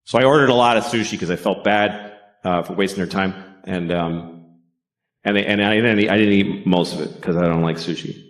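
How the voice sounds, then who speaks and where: Brisk and foul-mouthed, this stand-up comedian delivers deadpan asides, then bursts out in a sudden high pitch.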